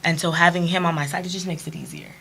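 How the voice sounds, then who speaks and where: Outgoing young woman guest, low voice, lively storyteller, faint room noise. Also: fast talker, gravelly. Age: young adult. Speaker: guest, catering business co-owner. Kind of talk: interview storytelling.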